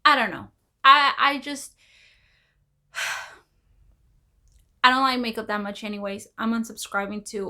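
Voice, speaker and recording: A woman's voice: mid-range voice, sharp tone. A woman vlogging casual commentary, rambling, repeating herself and exclaiming as she goes.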